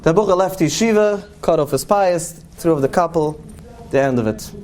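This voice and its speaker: Earnest high-voiced man, tinged storyteller. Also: a little mellow. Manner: earnest, slows and lingers on key words for emphasis. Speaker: rabbi. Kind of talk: storytelling talk to an audience.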